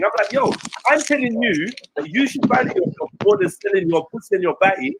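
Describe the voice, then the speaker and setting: A man, telling a story in casual chat, animated and slangy, swearing freely and acting out what others said. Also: high-pitched, brisk, hardly any pauses, noisy background. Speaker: stream panelist.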